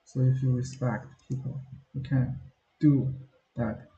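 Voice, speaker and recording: A man's voice: mid-range voice, steady tone, measured pace, mellow, echoey room, dull audio. A tired man with a Chinese accent, muttering in weary frustration during a casual screen-recording vlog.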